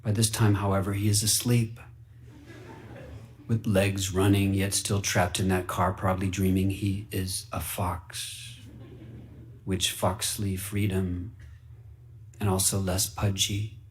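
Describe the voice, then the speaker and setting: A man reading a fable aloud for radio in an earnest, wide-eyed way, dropping to hushed whispers and rising into excited bursts. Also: low-pitched, slow, long pauses, a little hiss or hum. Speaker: story reader.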